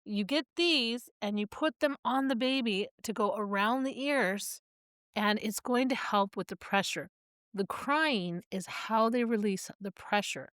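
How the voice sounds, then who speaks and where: A woman's voice: fairly high pitch, a little slow, fairly bright tone, clean tone, dry recording, studio quality. A woman explaining plainly and practically why babies cry on planes and how to help. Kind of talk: giving travel advice.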